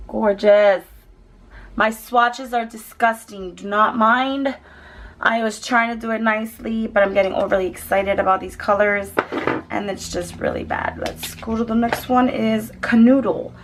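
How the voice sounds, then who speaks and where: Excitable beauty vlogger woman, slow delivery. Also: mid-range voice, gravelly, a little hiss or hum. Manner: excitable, gushing, chatty. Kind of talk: casual makeup swatch vlog. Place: home, children nearby.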